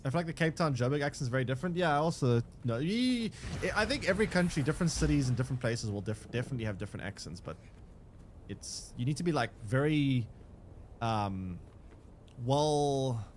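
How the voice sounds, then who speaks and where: A man's voice: medium pitch, very animated, a little fast, a little hiss or hum. A young man, chatting casually with his live chat while playing a game, rambling with restarts and fillers. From South Africa. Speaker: streamer.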